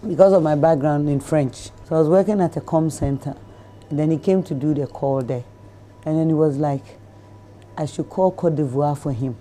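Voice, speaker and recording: A middle-aged Ghanaian woman telling a lively story in an interview, acting out the people in it. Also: deep voice, moderate pace, slight background noise. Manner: animated storyteller who acts out voices, laughing. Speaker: celebrity guest.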